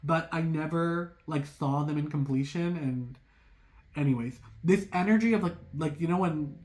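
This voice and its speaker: A tarot reader talking casually to viewers. They ramble excitably, fill sentences with "like" and break off into apologetic asides. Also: medium pitch, moderate pace. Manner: rambling, heavy use of "like"; excitable, talks through racing thoughts.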